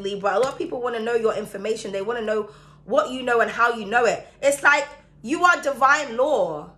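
A woman's voice: on the high side, bright, forceful tone. A woman from the Caribbean giving a chatty, emphatic tarot reading, speaking straight to the viewer. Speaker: tarot reader.

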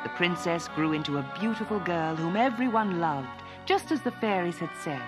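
A woman narrating a fairy tale for children in an expressive, lilting storytelling manner. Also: lowish voice, normal speed, over loud music.

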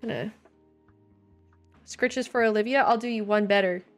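A woman's voice: mid-range voice, normal speed, soft background music. A young woman live-streaming at home, joking and self-deprecating as she plays and reads her chat aloud. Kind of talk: casual live-stream chat while playing.

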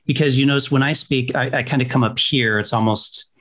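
An American man co-hosts a podcast, friendly and teasing. His voice sits at a middle pitch. The talk is casual. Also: steady tone, a little fast, a bit bright. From United States. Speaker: co-host.

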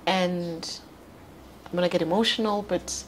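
A South African woman co-hosting a casual panel chat, candid and laughing often, her voice jumping higher when she quotes people. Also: steady tone, measured pace, slight background noise. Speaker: co-host and founder.

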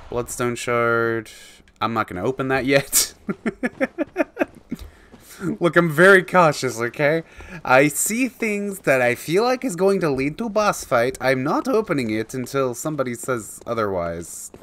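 A man's voice: medium pitch, big pitch swings, a little slow, a bit bright. A man giving casual commentary while playing a video game, chatting to the creatures on screen and chuckling often. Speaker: let's play gamer.

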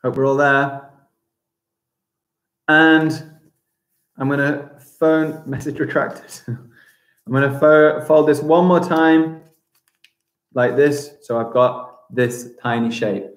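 A man's voice: mid-range voice, fairly even intonation, slow, long pauses. A man teaching a live-streamed primary school craft lesson, chatting as he narrates each step aloud. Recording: roomy echo.

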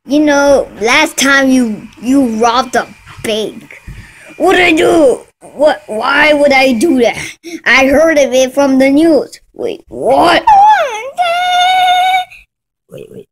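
A woman performs a comedy skit in a high, bouncing voice that swoops all over. She drags her words out slowly and breaks into shouty, exasperated outbursts. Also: lively intonation, noisy background.

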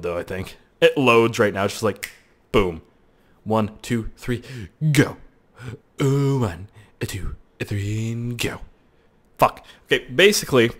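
A man hosting casual video game commentary, rambling, swearing and excitable. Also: lowish voice. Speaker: host.

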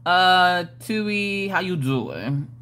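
Woman hosting a craft livestream, bouncy animated voice, jokey and chatty, laughs a lot. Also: on the low side, extremely slow. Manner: chatty, playful, reads comments aloud and laughs often. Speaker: livestream host of a crafting chat. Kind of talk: casual livestream chat, greeting viewers.

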